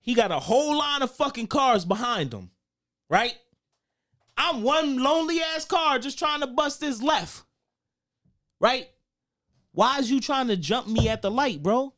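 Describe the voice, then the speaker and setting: A young man co-hosting a podcast, telling stories in a loud, animated, cursing way. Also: very high-pitched, a little slow, pauses often. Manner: animated storytelling, swears a lot, gets loud when riled. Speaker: podcast co-host. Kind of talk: casual chat.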